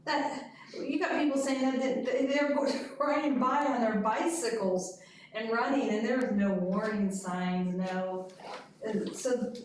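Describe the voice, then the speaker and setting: A woman's voice: a little high, steady tone, unhurried, a little hiss or hum. A woman on a city committee talking casually and emphatically, rambling at times, in a public meeting. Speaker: committee member. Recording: echoey room from far off.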